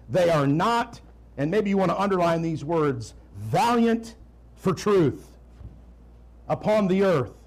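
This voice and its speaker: Male pastor, sermon, high tenor voice, slow emphatic lines, quick quiet asides. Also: rough recording.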